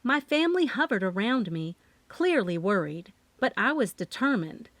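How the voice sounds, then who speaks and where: A woman narrating a first-person mystery audiobook in an expressive, lively storytelling manner. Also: a little high, moderate pace, no room sound.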